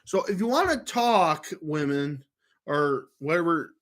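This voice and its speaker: A man's voice: a little high, animated, measured pace, fairly bright tone. A man vlogger talking in a rambling monologue to camera, full of restarts and trailing fillers.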